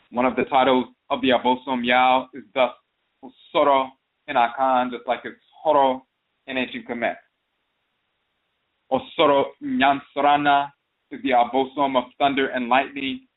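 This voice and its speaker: A man hosting an internet radio talk show, explaining terms methodically in a lecture style, listing one variant after another. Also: medium pitch. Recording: phone-line audio.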